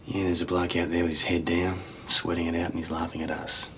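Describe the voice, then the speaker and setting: An actor playing an easygoing Australian police detective. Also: male voice, deep voice, little pitch movement, a little fast, fairly bright tone, recorded from a distance, slight background noise. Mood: casual.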